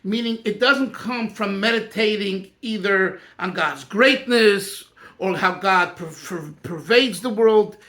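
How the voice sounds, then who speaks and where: A man's voice: high-pitched, takes it slowly, sharp tone. A man teaching a Torah class as rabbi, emphatic and thinking aloud, often restarting his sentences. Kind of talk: animated Torah class discussion.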